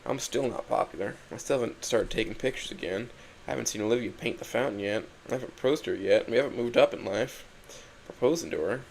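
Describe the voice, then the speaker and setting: A young man reading a first-person story aloud in a quiet, introspective, halting way. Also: mid-range voice, gravelly, a little hiss or hum, rough recording. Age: young adult. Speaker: narrator.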